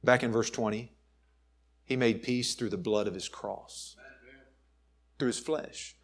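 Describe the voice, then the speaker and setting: Emphatic male preacher. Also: medium pitch. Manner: emphatic preaching, swinging between loud and soft, slows to stress. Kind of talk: sermon. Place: church.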